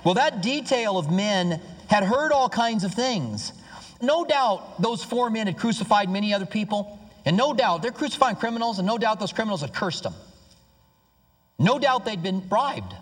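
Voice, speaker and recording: Male pastor, emphatic sermon delivery with hushed lows and excited highs, slightly high voice, long hall reverb. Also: moderate pace, slightly rough. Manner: emphatic, swings between hushed low and raised excited voice.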